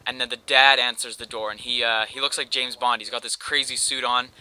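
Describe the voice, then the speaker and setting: A young man from Canada tells a wandering story over gameplay, leaning on slang and filler. His voice is very bright, forward and clean. The delivery is loose and chatty. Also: medium pitch, little pitch movement, fairly quick, clear, resonant tone, rough recording. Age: young adult. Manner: rambling, slangy, with lots of "like". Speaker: gameplay commentator.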